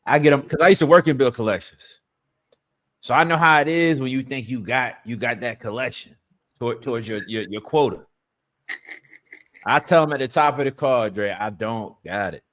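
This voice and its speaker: A laid-back man with hosts a casual livestream, his voice sitting in an ordinary middle pitch. He drifts easily between stories and shout-outs to the chat, laughing often. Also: normal speed. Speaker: livestream host making sales calls.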